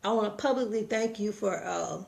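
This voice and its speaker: A middle-aged woman giving a folksy, preachy motivational talk with animated storytelling. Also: mid-range voice, fairly quick, vocal fry. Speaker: motivational vlogger.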